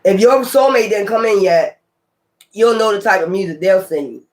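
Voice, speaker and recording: High-voiced blunt, profane tarot reader man. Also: lively intonation, normal speed. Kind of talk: casual tarot reading.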